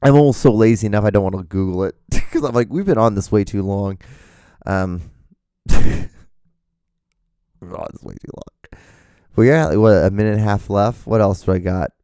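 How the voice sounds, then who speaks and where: A man's voice: lowish voice, quick pace, few pauses, dark tone, clear, resonant tone, no echo. A man hosting a solo podcast, rambling and profane and poking fun at himself, his voice wearing out. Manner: rambling, profane, self-deprecating. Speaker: podcast host.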